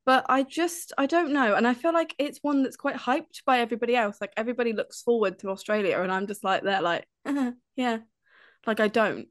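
A woman co-hosting a casual podcast, frank and relaxed, laughing easily. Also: a little high, fairly quick, few pauses, no echo, studio quality. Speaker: podcast co-host. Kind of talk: casual panel chat.

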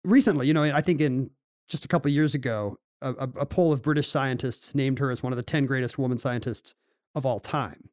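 In studio-quality audio with no room sound, a man with a mid-range, darkish voice speaks a little fast. Co-hosting a podcast, he rambles through long, casual explanations packed with "you know" fillers and restarts.

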